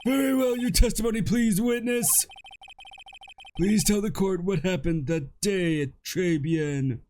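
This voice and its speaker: A man's voice: high-pitched, measured pace, darkish tone, soft background music. A man voicing a fussy older male judge in a raised, formal tone during a game let's play. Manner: raised, formal, proper delivery.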